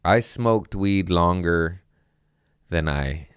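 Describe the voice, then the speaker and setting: A male comedian hosts a podcast, telling stories in a loose, profane, casual monologue and acting out the lines of the people involved. His voice is low and clean, delivered very slowly, in studio-quality audio with no room sound.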